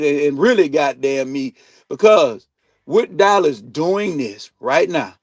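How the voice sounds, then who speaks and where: A man with a high voice rants about football on his own sports talk stream. He is blunt and profane, and he swings from loud bursts down to low asides. The sound is close and dry, with no room echo. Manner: heated, blunt, swears a lot, swings loud and quiet. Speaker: sports talk show host. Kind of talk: profane sports opinion rant. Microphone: streaming mic.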